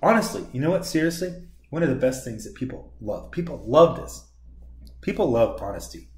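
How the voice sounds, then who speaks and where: A man's voice: mid-range voice, big pitch swings, brisk, a little mellow, slight background noise. Sarcastic man rambling in an echoey room. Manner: sarcastic, rambling, mocks others in put-on quotes. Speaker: comics creator and commentator. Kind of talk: casual opinion commentary. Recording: roomy echo.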